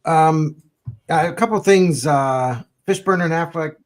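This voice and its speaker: A man's voice: fairly high pitch, a little slow. A man co-hosting a casual podcast chat, easygoing and joking. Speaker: co-host.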